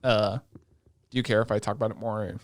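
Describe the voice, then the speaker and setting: A man co-hosting a podcast, chatting casually and excitedly with plenty of swearing as he retells scenes. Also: lowish voice, brisk, no echo, studio quality. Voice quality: excitable, profane, retells scenes in quoted voices. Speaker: podcast co-host. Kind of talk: casual chat recapping an anime.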